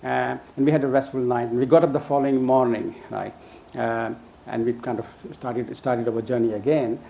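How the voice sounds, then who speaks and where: A man's voice: mid-range voice, fairly even intonation, vocal fry, warm tone, a little hiss or hum. An older man telling a long anecdote in a casual way, often chuckling and restarting his sentences. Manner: chuckling, halting with many restarts. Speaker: storyteller guest.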